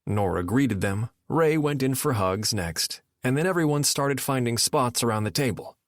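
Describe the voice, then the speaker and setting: A man narrating a romance audiobook in the first person, with expressive storytelling. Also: medium pitch, moderate pace, no echo, clean studio sound.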